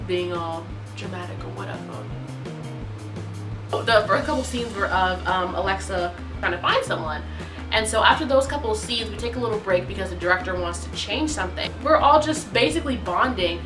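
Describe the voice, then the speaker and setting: A young woman telling a storytime vlog in an excitable, gushing way that bursts into squeals. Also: medium pitch. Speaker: vlogger. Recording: echoey room, mic at a distance, music behind.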